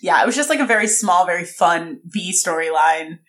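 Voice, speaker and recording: A young woman co-hosting a podcast, animatedly recapping a TV episode and quoting the characters in a lowered voice. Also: expressive, fairly quick, a bit bright. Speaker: podcast co-host. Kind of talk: casual recap chat.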